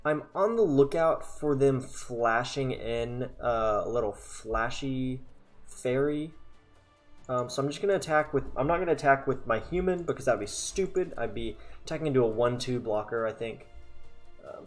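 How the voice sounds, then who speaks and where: A man's voice: mid-range voice, normal speed, soft background music. A man casually commentating his own card game match, chatty and sarcastic, thinking aloud as he plays. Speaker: gaming content creator.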